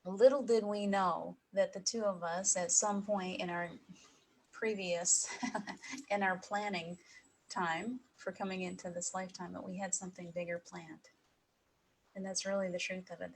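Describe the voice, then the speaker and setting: A middle-aged woman giving a heartfelt personal talk to an audience, emotional and pausing, with soft laughs. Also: fairly low pitch, level tone, a little hiss or hum, rough recording. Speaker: speaker at an evening talk.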